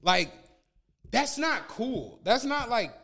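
Speaking slowly in a very high, creaky voice, a man co-hosting a podcast tells a story during casual conversation, animatedly performing the quotes as he goes.

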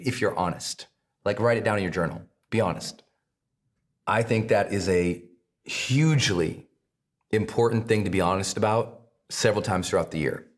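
A man speaking as a high performance coach in motivational podcast talk, emphatic and challenging, acting out his own inner voice.

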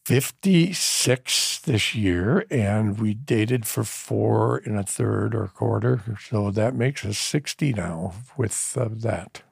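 Older guy, gravelly and a bit husky, folksy easygoing chat, dry close sound. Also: lowish voice, dry recording. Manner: earnest, folksy, talks in quick bursts. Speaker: podcast guest, the host's father. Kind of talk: casual chat.

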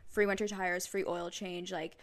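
Podcast co-host, a woman in her twenties; candid, casual and quick to agree. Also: on the low side, little pitch movement, over a noisy crowd. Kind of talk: casual chat.

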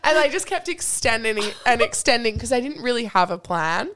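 A young woman, a podcast guest telling a story in casual chat, full of "like" and quick laughs. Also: on the high side, very animated, a bit bright. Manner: chatty storyteller, lots of "like" and laughs.

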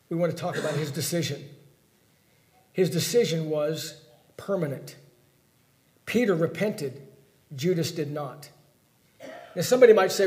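In an echoey, church-like room, a high-voiced man preaches a sermon, pressing his points by putting questions straight to the listeners. He moves between loud, emphatic lines and hushed pleading.

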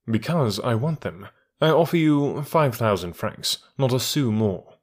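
A man voicing a cool, commanding gentleman burglar in an audiobook, with a measured, sneering manner. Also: mid-range voice, animated. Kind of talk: audiobook character reading.

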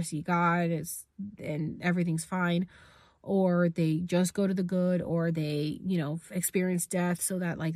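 Low-voiced woman rambling candidly. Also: darkish tone, no echo, studio quality. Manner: rambling, candid, with frequent fillers and restarts; emphatic, with bursts of swearing. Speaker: vlogger. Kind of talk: casual personal storytelling.

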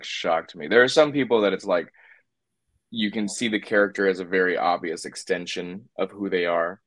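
A man's voice: lowish voice, dry recording. A man talking as a puppeteer guest in a casual interview, rambling with lots of fillers and restarts.

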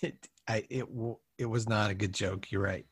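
A man's voice: lowish voice, fairly even intonation, moderate pace, breathy edge. A man voicing an apologetic, fumbling male restaurant manager in an improvised comedy sketch, hesitant and full of uhs.

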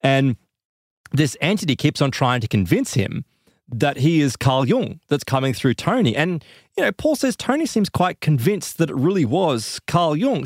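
A man casually telling a strange story to a co-host, animated and laughing as he acts out quoted voices. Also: high-pitched, no room sound, studio quality.

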